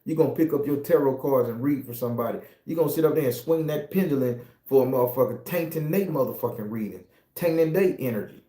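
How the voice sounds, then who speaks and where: In an echoey room, a fast-talking middle-aged man with a Southern US accent speaks at medium pitch with a dark tone. He's a tarot reader giving a spiritual monologue that is preachy, profane and confessional.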